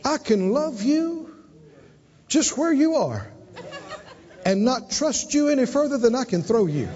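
A male preacher delivering an emphatic sermon, calling out to the congregation and swinging between soft and loud. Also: sing-song, a little slow. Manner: emphatic, call-and-response, dramatic swings in pitch and volume. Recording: dull recording with long hall reverb.

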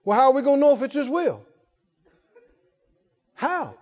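High-voiced preacher in a reverberant hall. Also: male voice, very fast, darkish tone, muffled recording. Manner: folksy, calls out to the congregation. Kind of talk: sermon. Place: church hall.

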